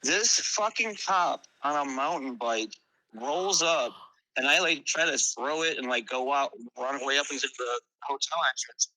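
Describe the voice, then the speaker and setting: A man who is a guest musician, telling tour stories in a casual interview, animated and swearing freely. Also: medium pitch, unhurried, poor audio.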